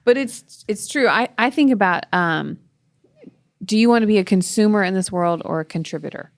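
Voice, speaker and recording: A woman's voice: mid-range voice, moderate pace, dry recording. Reflective woman, dry close sound. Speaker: podcast co-host. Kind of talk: casual faith-based podcast chat.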